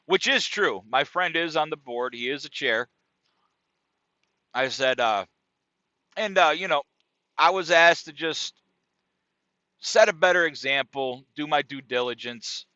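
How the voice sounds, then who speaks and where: A man's voice: a little high, unhurried, pauses often, no echo. A man hosting a comedy podcast, telling a story as a casual, profane rant and often asking "right?" and "dude". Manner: animated, profane, keeps checking in with "right?" and "dude". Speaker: podcast host. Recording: dry, dull lo-fi sound.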